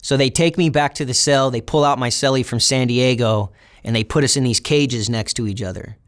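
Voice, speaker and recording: Young man, interview guest, casual reflective storyteller, mid-pitched. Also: brisk. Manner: casual, reflective retelling with acted quotes of other inmates.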